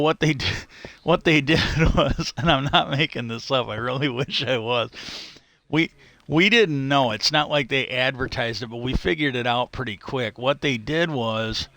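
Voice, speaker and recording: A middle-aged livestreamer with a bright, forceful tone spins a rambling work story, peppered with swearing and little chuckles. His sentences stall and restart as he talks. The sound is dry and close, with no room around it. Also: mid-range voice, dry recording. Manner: profane, chuckles mid-sentence, restarts often. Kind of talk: casual storytelling while gaming.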